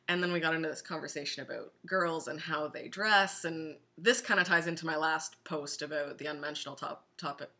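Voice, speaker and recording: A woman's voice: fairly low pitch, bright, forceful tone. A middle-aged woman talking earnestly and directly to women listeners in a casual spoken blog post. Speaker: vlogger.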